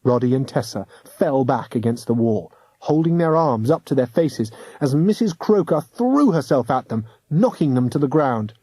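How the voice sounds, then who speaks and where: A man narrating a children's audiobook with a measured, dramatic reading. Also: medium pitch, expressive, mellow, husky, no room sound. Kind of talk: scripted storybook narration.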